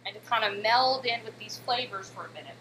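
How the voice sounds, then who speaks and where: A woman's voice: mid-range voice, brisk, pushed and bright, slight background noise, rough recording. A woman in her thirties in a home kitchen, chatting casually with her live chat while she walks through a recipe. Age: 30s. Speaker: cooking streamer. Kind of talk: casual live-stream cooking demo.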